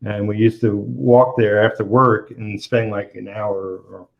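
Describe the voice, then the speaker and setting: A man's voice: lowish voice, little pitch movement, a little slow, gravelly. A man, a comic artist hosting his channel, chats casually while he works, telling stories at an easy pace with plenty of fillers and laughs. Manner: laid-back storytelling with frequent laughs and fillers. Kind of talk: casual chat while working. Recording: muffled lo-fi call audio.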